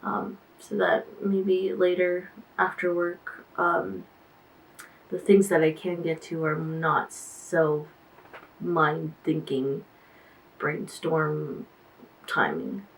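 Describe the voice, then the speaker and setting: A woman's voice: low voice, flat delivery, extremely slow, vocal fry, distant mic, poor audio. A tired woman managing artists talks through her week in a casual diary vlog, sighing and trailing off as she thinks aloud.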